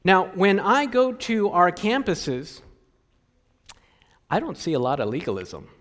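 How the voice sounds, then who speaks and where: A man's voice: high-pitched, huge pitch swings, a little slow, a bit bright, long reverb tail. A male pastor preaching a sermon in a conversational way, often putting questions to the congregation. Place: church sanctuary.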